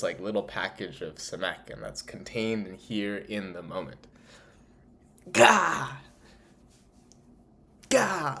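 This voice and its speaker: Excitable young-sounding man rambling. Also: fairly low pitch. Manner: excited, rambling, emphatic bursts. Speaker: vlogger. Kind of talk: casual monologue.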